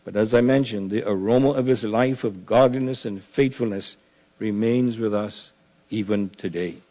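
A man delivering a funeral eulogy, measured and solemn, building to emphatic preaching. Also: on the low side, dark tone.

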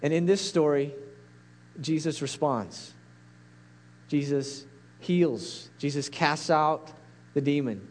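A man's voice: fairly high pitch, takes it slowly, long pauses. A man preaching a sermon as a pastor, earnest and pleading, building to intense peaks.

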